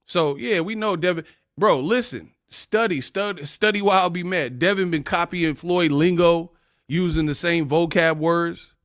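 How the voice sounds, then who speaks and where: A man's voice: a little high, measured pace, no room sound, studio quality. A man hosting a casual boxing commentary rant, mocking and laughing as he talks. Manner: animated, mocking, laughs often.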